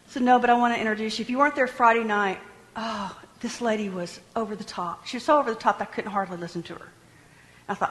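Woman preacher, sermon, animated, humorous, long hall reverb. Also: on the high side, fairly quick. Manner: lively, animated, jokes with the congregation.

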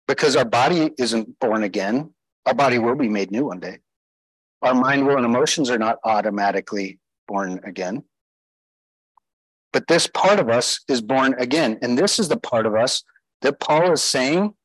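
A man's voice: medium pitch, lively intonation, moderate pace, breathy edge, dry recording, poor audio. A man preaching a sermon as pastor, emphatic, putting rhetorical questions to his listeners.

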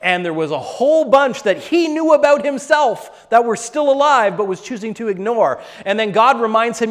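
A man preaching a sermon, moving between loud, fervent exhortation and soft, hushed storytelling. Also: extremely high pitch, lively intonation, normal speed, hardly any pauses. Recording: long hall reverb.

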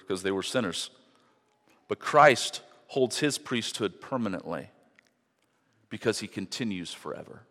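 A man with a low-pitched voice delivers a sermon from the pulpit. His voice rings out in the long reverb of a large church hall. He alternates between quiet, intimate passages and loud, driving emphasis. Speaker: pastor.

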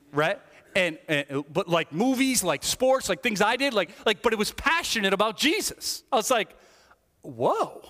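A man giving a sermon testimony, telling his story with lively acted-out asides. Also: on the high side. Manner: animated storytelling, acting out his younger self. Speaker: pastor. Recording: long hall reverb.

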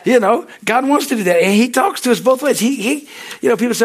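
A man's voice: very high voice, expressive, a little fast, breathy edge, faint music behind. A man with an American accent preaching a sermon as pastor, in a folksy, rambling way, often asking "Amen?" and laughing at himself. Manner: self-deprecating, laughs easily.

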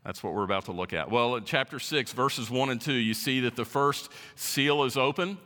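Pastor, male, bright forceful delivery, verse-by-verse sermon in a reverberant church hall. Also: medium pitch, moderate pace. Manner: teaching verse by verse, stressing key words. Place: church sanctuary.

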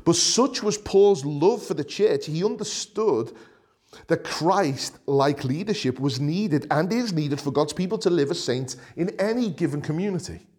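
A middle-aged man with a Liverpool accent preaching a sermon, earnest, repeating phrases for emphasis, swinging between raised and hushed delivery. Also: on the high side, lively intonation, measured pace. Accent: Liverpool (Scouse). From Liverpool, England. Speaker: pastor.

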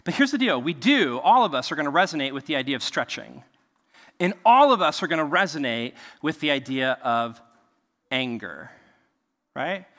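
A man in his thirties preaching a sermon in a conversational, animated way, often checking in with his listeners. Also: a little high, normal speed, big-room sound. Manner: conversational and animated, frequent "right?" asides. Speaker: pastor.

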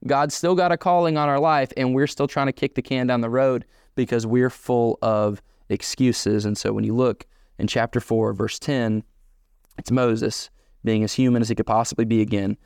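A man's voice: medium pitch, fairly even intonation, normal speed, darkish tone, smooth, no room sound, clean studio sound. A man preaching a sermon as pastor, emphatic and repetitive, pressing his points home again and again.

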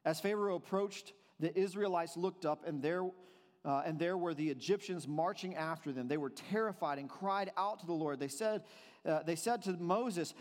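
High-pitched guy preaching a sermon, swings soft to loud, big hall reverb. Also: moderate pace. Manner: expressive preaching, swings between soft and emphatic. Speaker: pastor.

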